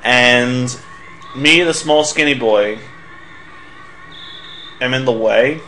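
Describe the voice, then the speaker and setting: A man's voice: medium pitch, slow, bright, forceful tone, soft background music. A young man giving sarcastic, swearing commentary while playing a video game. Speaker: let's player.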